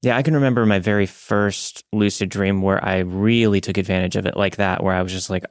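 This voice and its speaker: A man co-hosting a podcast, talking in a relaxed, rambling way and laughing often. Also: low voice, a little fast, few pauses, no echo, clean studio sound. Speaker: podcast co-host. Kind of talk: casual chat.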